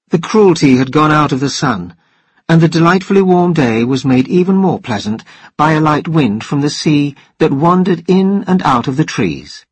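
A man narrating a novel in steady, even storytelling, with a husky voice. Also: a little high, no room sound. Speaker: audiobook narrator. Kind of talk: scripted narration.

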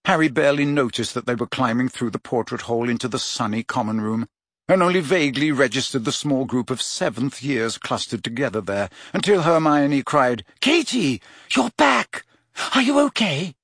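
A man reading a children's novel aloud as an audiobook narrator, in a measured storytelling manner. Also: medium pitch, fairly bright tone, no echo, clean studio sound. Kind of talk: scripted narration.

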